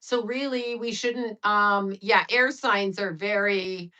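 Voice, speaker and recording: An outspoken woman in her fifties chats on her livestream, and her bright, sharp-edged voice runs loosely from story to story. She swears without a pause and laughs at her own bluntness. The sound is a little dull and lo-fi. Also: medium pitch. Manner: blunt, profane, laughing, rambling. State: sweating. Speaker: livestream host and astrologer. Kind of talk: casual livestream chat.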